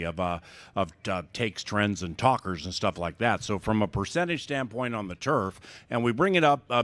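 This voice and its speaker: A man's voice: lowish voice, bright, forceful tone, no room sound. A man hosting a casual racetrack show, chatty and upbeat with lots of fillers. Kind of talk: casual on-air chat.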